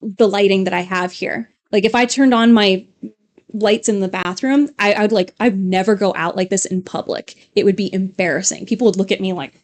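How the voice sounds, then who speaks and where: A woman with a medium-pitched, steady voice talks fairly quickly while co-hosting a casual live stream. She rambles and chats, filling gaps with fillers and frequent laughter, in a home studio lit by LED lights.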